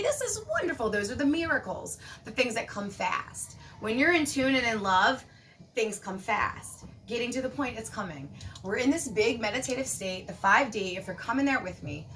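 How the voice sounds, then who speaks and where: A woman giving a casual spiritual monologue, animated and emphatic, swearing casually. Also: fairly high pitch, a little hiss or hum. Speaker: spiritual vlogger.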